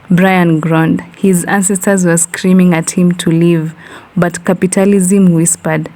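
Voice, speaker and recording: A woman narrating a comic horror story in an unhurried way, dropping in slang asides. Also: lowish voice, little pitch movement, mellow, poor audio.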